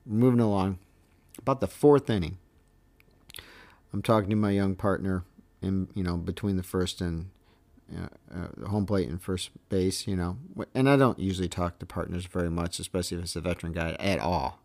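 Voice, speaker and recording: A man's voice: sits low, a little mellow. A middle-aged man, a veteran umpire hosting his own show, telling stories in a casual, emphatic way and often adding "okay?" to make his point. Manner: emphatic, keeps checking in with "okay?" and "all right?". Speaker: veteran baseball umpire, podcast host. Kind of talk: casual storytelling monologue.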